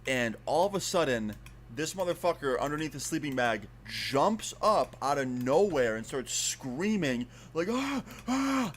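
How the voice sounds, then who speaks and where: A man's voice: mid-range voice, lively intonation, measured pace, slight background noise. A young man casually retelling a frightening story, swearing often and leaning on fillers. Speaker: storyteller in a played video.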